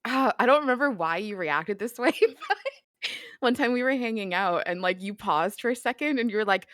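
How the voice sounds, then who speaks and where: A woman's voice: fairly high pitch, expressive, moderate pace, a bit bright, dry recording, studio quality. A young woman chatting casually with friends on a stream, laid-back and teasing.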